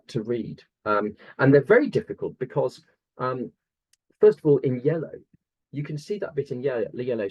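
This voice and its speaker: Husky man teaching a poetry lesson. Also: medium pitch, warm tone, low-quality recording. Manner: enthusiastic, explains step by step with many fillers. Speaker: English teacher. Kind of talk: online revision lesson. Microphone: video call.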